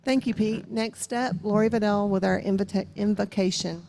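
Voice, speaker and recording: A woman opening a club meeting with clear, polite, scripted announcements in a museum meeting hall. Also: medium pitch, steady tone, moderate pace, dark tone, a little hiss or hum. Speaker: meeting presenter.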